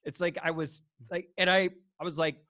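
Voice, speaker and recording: A man co-hosting a podcast, telling an animated anecdote in casual chat, acting out the quotes. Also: fairly high pitch, a little fast, no room sound. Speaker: podcast co-host.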